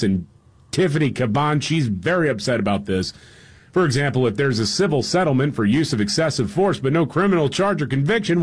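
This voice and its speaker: A man hosting a talk radio segment, telling a story with wry, dry humor in casual banter. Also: medium pitch. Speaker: co-host.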